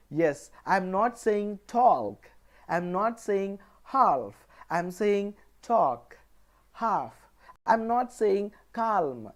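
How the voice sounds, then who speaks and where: A male college lecturer from India giving a pronunciation lesson, deliberately repeating example words one at a time. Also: a little high, a little mellow.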